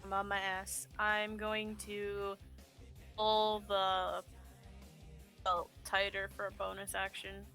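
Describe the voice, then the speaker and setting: A woman player talking casually, quiet and wry. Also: mid-range voice, monotone, takes it slowly, soft background music. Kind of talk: casual tabletop play.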